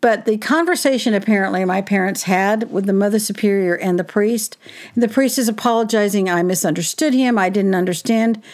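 Woman guest, animated storyteller, indignant and wry. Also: mid-range voice, a little fast. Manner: animated, indignant, with wry laughs and quoted voices. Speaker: guest telling a personal story. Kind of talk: conversational storytelling.

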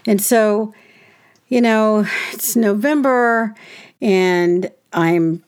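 Woman guest, animated storyteller, indignant and wry. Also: mid-range voice, very slow, smooth. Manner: animated, indignant, with wry laughs and quoted voices. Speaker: guest telling a personal story. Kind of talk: conversational storytelling.

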